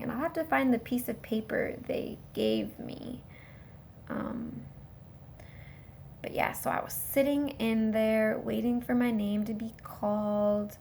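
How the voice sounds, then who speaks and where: A woman's voice: a little high, gravelly, darkish tone, a little hiss or hum. A woman vlogger telling a rambling personal story straight to her viewers in a casual way.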